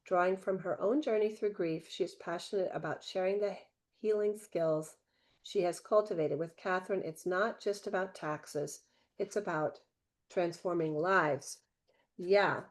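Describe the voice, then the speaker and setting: A woman's voice: on the low side, a little slow. A woman hosting an online book-launch interview, who reads an introduction and then responds with affirming murmurs. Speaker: host.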